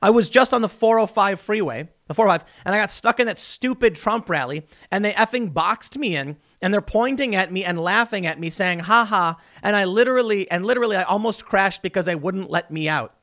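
A shrill, whining young woman driver, put on by a man in a mocking impression, complains in a sing-song voice that swoops up and down. The whine never lets up. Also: lively intonation, brisk, few pauses, fairly bright tone. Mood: whiny. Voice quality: whiny, mocking.

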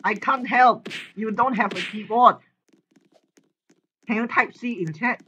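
Guy doing live game commentary, excitable, yells a lot, slow-ish talker. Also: sits high, lo-fi sound, slight background noise. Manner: excitable, often shouting. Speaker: gaming channel host.

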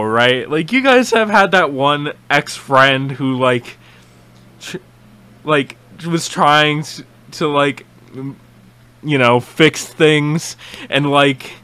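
Excitable young man reacting, swearing. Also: medium pitch, takes it slowly, smooth. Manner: excitable, swearing, rambling with restarts. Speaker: reaction video host. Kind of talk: casual reaction commentary.

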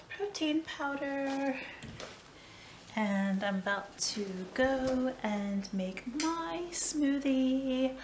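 A worn-out woman chats through her vlog from her kitchen, a little short of breath and fond of mock-dramatic exaggeration. Her phone on a selfie stick picks her up at close range, with clear background noise and occasional clicks under her voice. Her pace is slow and unhurried. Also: medium pitch, echoey room. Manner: chatty, dramatic sighs and playful exaggeration. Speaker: vlogger. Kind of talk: casual vlog chat. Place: home kitchen.

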